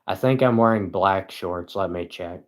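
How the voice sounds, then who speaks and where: A man livestreaming at home, reading chat aloud and answering with deadpan sarcasm and frequent chuckles. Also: deep voice, normal speed.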